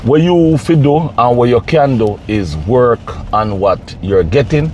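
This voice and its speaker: A man's voice: mid-range voice, lively intonation, measured pace, warm tone, lo-fi sound, a little hiss or hum. A man giving casual, pleading commentary to camera, repeating himself and preaching. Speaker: vlogger.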